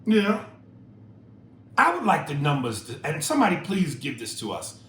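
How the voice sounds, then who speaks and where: A man co-hosting a casual podcast, reading listener emails and riffing on them in a profane, animated way that jumps loud and high when he makes a point. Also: moderate pace. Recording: roomy echo with faint noise.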